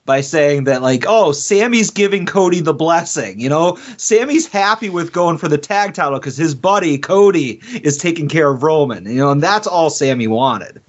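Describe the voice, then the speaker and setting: A man's voice: a little high, lively intonation, normal speed, few pauses, lo-fi sound. A man co-hosting a wrestling podcast in casual chat, telling rambling stories and laughing between his points. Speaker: podcast co-host.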